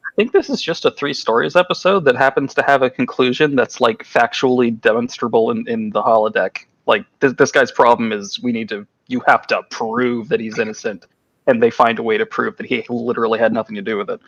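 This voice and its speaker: A man's voice: medium pitch, a little fast, a bit bright, no echo. A man in a casual group watch-along chat, making wry, teasing remarks. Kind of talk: casual chat over a voice call. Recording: dull lo-fi call audio.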